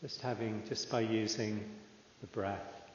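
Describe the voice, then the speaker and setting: A man leading a guided meditation in a slow, calm way with long pauses. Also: fairly low pitch, slight background noise. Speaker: meditation teacher. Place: meditation hall. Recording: echoey hall, dull lo-fi sound.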